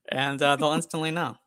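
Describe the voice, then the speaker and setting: A young man co-hosting a casual podcast, ranting and swearing in an animated way. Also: on the high side, clear, resonant tone, dry recording, studio quality. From America. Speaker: podcast co-host.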